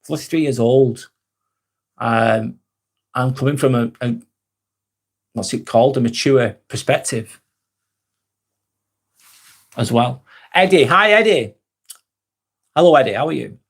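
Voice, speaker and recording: A man's voice: medium pitch, measured pace, pauses often. A man in his forties from near Manchester, with a Lancashire accent, hosting a casual live vlog and answering viewers by name. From Northwest England. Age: 40s. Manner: reads viewer comments aloud and answers each by name, friendly and reflective. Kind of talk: casual live-stream chat.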